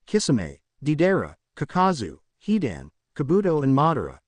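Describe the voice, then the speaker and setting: A man reading the lines of a brash young male ninja hero in a flat, barely changed voice. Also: fairly high pitch, normal speed, no room sound. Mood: determined.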